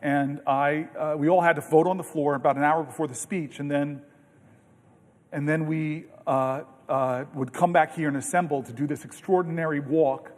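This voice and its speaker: A man with a notably high voice delivers a long, unscripted floor speech, earnest and animated, stumbling over restarts as he tells his stories. His words ring out with the long reverb of a big legislative chamber, picked up by a podium mic. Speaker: senator giving a floor speech.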